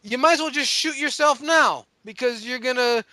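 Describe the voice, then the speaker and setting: A man's voice: very high-pitched, normal speed, bright, forceful tone, dry recording. A man hosting a podcast with a sore throat, ranting casually in a profane, rambling, joking way. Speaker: podcast host.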